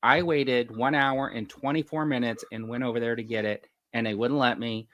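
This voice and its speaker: A man's voice: medium pitch, fairly even intonation, moderate pace, fairly bright tone, no room sound, highs cut off. Rambling man working through the math. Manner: rambling, works through numbers aloud, laughs often. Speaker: podcast co-host. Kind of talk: casual panel chat.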